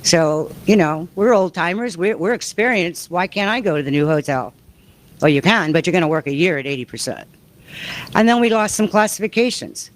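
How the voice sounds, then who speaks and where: A woman's voice: fairly low pitch, expressive, fairly quick. A woman and union member speaking on a panel, emphatic, acting out quotes as she tells her story. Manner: emphatic, acts out dialogue while telling. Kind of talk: panel talk.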